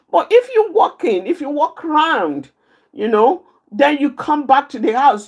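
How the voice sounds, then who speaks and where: Slow, lively-pitched woman teaching. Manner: repeats key phrases, slow and emphatic, points out positions with her hands. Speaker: outreach speaker teaching anger management. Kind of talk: live teaching talk.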